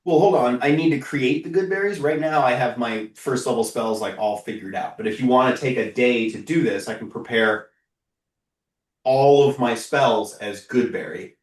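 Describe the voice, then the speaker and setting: A man's voice: mid-range voice, moderate pace. A man playing a tabletop game, hesitantly thinking aloud through spell rules. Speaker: player. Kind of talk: casual game banter. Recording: roomy, distant mic.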